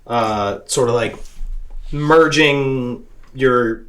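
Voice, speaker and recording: A man co-hosting a podcast who asks casual interview questions in a relaxed, halting way. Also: mid-range voice. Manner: relaxed, halting, full of fillers. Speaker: podcast co-host.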